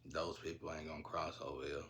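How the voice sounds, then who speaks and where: A man's voice: a bass voice, level tone, a little fast, fairly bright tone, a little hiss or hum. A man telling stories in a casual, rambling way, laughing often and using slang. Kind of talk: casual storytelling.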